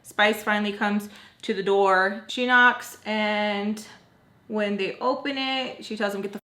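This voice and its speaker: A woman's voice: mid-range voice, fairly even intonation, slow, bright, forceful tone. Chatty young woman in a roomy room. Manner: candid, chatty, swears freely, many fillers. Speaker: vlogger telling a story. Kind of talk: casual storytime. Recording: roomy echo.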